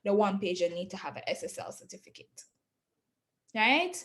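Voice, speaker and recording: A woman's voice: mid-range voice, very animated, moderate pace, fairly bright tone. A woman giving a casual webinar presentation on digital marketing, chatty, laughing often and checking in with "right?". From not from Jamaica.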